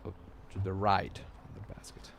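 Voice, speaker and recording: A man doing live play-by-play commentary for a sports broadcast, calm and measured with sudden excited rises. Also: deep voice, creaky, a little hiss or hum.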